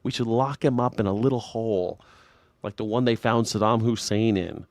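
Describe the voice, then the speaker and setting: Hosting a live news reaction show, a man with a lowish, slightly mellow voice speaks at a moderate pace. He's crude, sarcastic and mocking, slipping into exaggerated mimicking voices, and the studio sound is clean with no echo.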